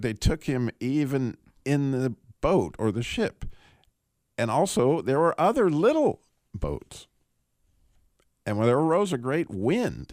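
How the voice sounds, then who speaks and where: Speaking in a mid-range voice, a man runs a radio call-in show and animatedly teaches through a passage of the Bible. Frequent laughter and restarted sentences mark his delivery, recorded at studio quality without any room sound.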